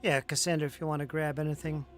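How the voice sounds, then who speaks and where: A man running a tabletop game as game master, describing scenes in a calm, easy way. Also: a little high, fast talker, soft background music.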